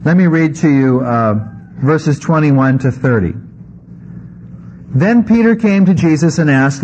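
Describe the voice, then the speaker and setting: A pastor preaching a conversational sermon, reading scripture and adding wry asides. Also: male voice, a little high, lively intonation, unhurried, pauses often, darkish tone. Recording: slightly muffled with faint background noise.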